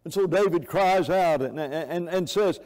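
Male preacher, fairly high voice, impassioned sermon delivery, long church reverb. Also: unhurried, darkish tone. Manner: impassioned, with repeated words and restarts. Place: church sanctuary. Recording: echoey church hall.

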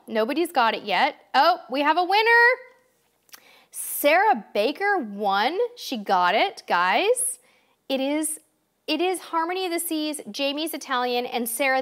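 A woman hosting a live-stream quiz, chatting upbeat and directly to her viewers, a bit tired. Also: high voice. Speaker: livestream host. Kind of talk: casual live-stream chat.

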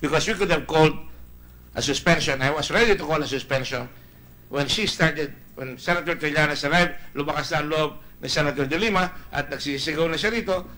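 A man's voice: a little high, a little fast, sharp tone, rough recording. A man with a Filipino accent chairing a Senate hearing, giving an indignant, emphatic statement in a mix of Tagalog and English.

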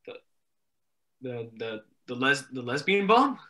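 A young man playing a flustered high school jock boyfriend on stage, stammering defensively. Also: sing-song, slow, bright, forceful tone, heavily acted. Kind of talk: stage play acting.

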